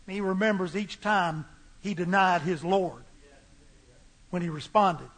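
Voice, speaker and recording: Male preacher, sermon, very high voice, emphatic repetition. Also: measured pace, pauses often, fairly bright tone.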